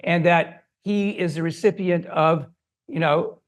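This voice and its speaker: Older guy lecturing in a hall, animated storyteller, bit high voiced. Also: unhurried. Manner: animated, acts out quoted voices. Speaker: guest lecturer.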